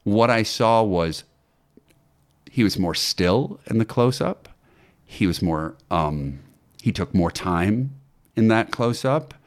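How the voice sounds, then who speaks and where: A man who acts and teaches acting, telling stories in an interview with animated delivery and frequent fillers and restarts. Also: fairly low pitch, slow pace, long pauses. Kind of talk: conversational interview storytelling.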